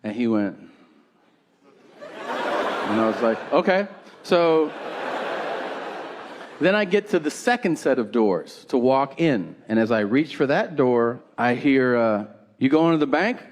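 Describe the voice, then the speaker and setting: A man's voice: mid-range voice, animated, takes it slowly, pauses often. A man doing stand-up comedy, telling a story with incredulous delivery and acting out both sides of the dialogue. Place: live comedy venue with audience. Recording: live show with audience noise.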